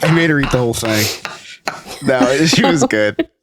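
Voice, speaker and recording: A man co-hosting a podcast, telling stories and making deadpan jokes in casual banter. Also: mid-range voice, moderate pace, a loud crowd. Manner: deadpan joking. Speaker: podcast co-host.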